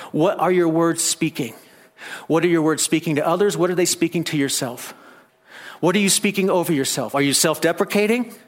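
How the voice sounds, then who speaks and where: A man preaching a sermon, earnest and emphatic, asking the congregation many questions. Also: on the high side. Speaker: pastor.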